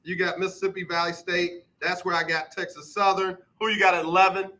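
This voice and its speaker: A man hosting a casual sports talk radio show, quizzing his guest in a brisk, repetitive rhythm. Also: high voice, level tone, pushed and bright, low-quality recording.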